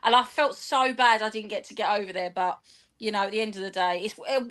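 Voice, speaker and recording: Bright-voiced woman telling a story. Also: mid-range voice, fast. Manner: animated, rambling, acts out quoted dialogue. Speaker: guest, football fan and teacher. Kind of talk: casual interview storytelling.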